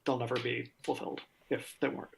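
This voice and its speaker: A man narrating as game master of a tabletop role-play game, with calm, measured narration addressed to the players. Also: mid-range voice, gravelly, crowd noise.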